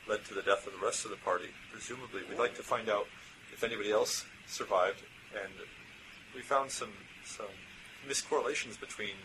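A man playing a tabletop role-playing game, speaking in character in a halting, explanatory way. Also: lowish voice. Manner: halting, explanatory, many fillers. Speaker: tabletop player. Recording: home recording with background noise.

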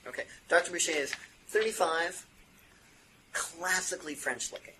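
A man's voice: fairly high pitch, lively intonation, normal speed. A man playing a tabletop role-playing game, talking in a hesitant, thinking-aloud way with restarts. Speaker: tabletop player. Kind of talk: in-character role-play with table talk. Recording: home recording with background noise.

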